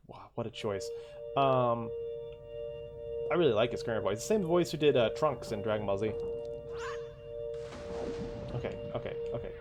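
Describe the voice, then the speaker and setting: This man, a gaming streamer, talks casually as he plays, quietly directing himself and now and then blurting out surprised exclamations. He has a medium-pitched, slightly mellow voice.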